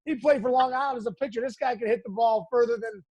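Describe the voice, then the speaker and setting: A man in his forties, a former pro ballplayer, chatting as a podcast guest and telling animated, laughing stories with quoted lines. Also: extremely high pitch, fast talker, husky, no echo, lo-fi sound. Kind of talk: casual storytelling chat.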